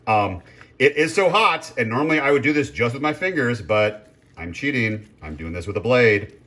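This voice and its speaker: In relaxed cooking commentary, a home vlogger rambles and cuts himself off, filling silences with ums and uhs. He speaks at a moderate pace in a medium-pitched, animated, fairly bright voice.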